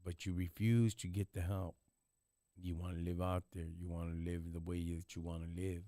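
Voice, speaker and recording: A man's voice: deep voice, little pitch movement, normal speed, dark tone, dry recording, clean studio sound. A man hosting a live stream, talking in casual, blunt street slang and lecturing at times. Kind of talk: casual chat.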